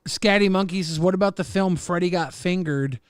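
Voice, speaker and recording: A man hosting a livestream, casually reading viewer messages and rambling with plenty of swearing in a deadpan way. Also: high voice, brisk, clear, resonant tone, no echo, clean studio sound. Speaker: stream host.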